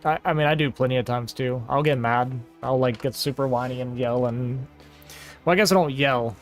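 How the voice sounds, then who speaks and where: Male stream host, casual and talkative, mid-pitched, faint music behind. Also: moderate pace. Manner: rambling and talkative, reading chat aloud. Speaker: livestream host. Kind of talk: casual chat to a stream audience.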